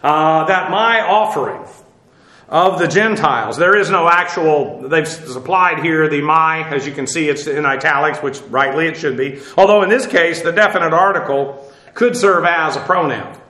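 A man teaching scripture, breaking down Greek grammar step by step. His voice sits a bit high and rings bright and sharp, with many halting fillers as he spells terms out letter by letter. The room around him is echoey. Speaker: Bible teacher. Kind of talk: verse-by-verse Bible study with Greek word analysis.

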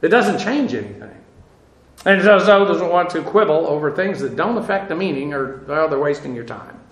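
Man, Bible teacher, high voice, conversational lecture full of fillers, echoey room. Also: very animated. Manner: conversational, halting with fillers and restarts.

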